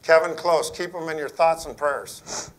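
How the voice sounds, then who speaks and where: A middle-aged man, an Air Force general, telling a story to school principals in a folksy, earnest way, dropping to a hush for emphasis. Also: a little high, measured pace, low-quality recording.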